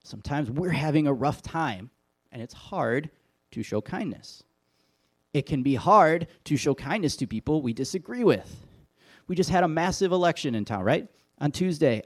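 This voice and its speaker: A middle-aged man from Wisconsin giving a sermon, telling stories with self-deprecating humor in an easy conversational way. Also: a little high. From Wisconsin, USA. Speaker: pastor.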